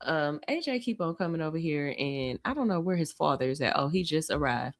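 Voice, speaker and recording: A woman's voice: deep voice, expressive, brisk, dry recording. A woman co-hosting a podcast in a giggly, teasing, casual chat. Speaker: podcast co-host.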